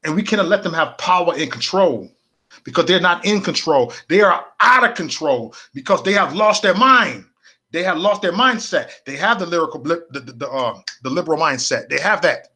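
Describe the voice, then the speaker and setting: A man's voice: a little high, lively intonation, normal speed, pushed and bright. A man hosting a casual political livestream, speaking in a repetitive, preachy, rallying way and answering viewers' comments.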